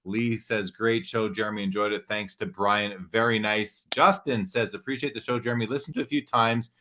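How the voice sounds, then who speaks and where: A man's voice: on the low side, fairly even intonation, moderate pace, pushed and bright, a little hiss or hum. A man hosting a live sports card show, talking earnestly and reflectively with his guest and reading viewer comments.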